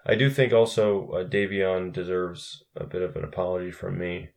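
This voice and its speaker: Low, gravelly man chatting casually. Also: steady tone, moderate pace, darkish tone. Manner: rambling, profane, with frequent restarts. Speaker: podcast co-host. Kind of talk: casual film review chat.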